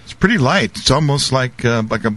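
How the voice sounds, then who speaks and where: Fast-talking man, bright, slight hiss. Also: medium pitch, animated, no echo. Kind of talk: casual chat.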